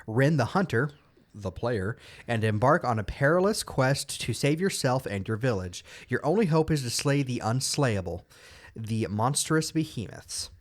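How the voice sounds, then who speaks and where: Man reading game news with stumbles. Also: mid-range voice. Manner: reads blurbs quickly, stumbling over words. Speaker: podcast co-host. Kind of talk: casual chat and reading game release news.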